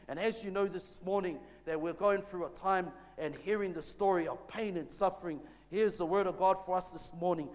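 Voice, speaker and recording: A pastor preaching a sermon, reading scripture aloud, then praying and preaching with rising intensity. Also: male voice, high-pitched, brisk, hardly any pauses. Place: church. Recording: long church reverb.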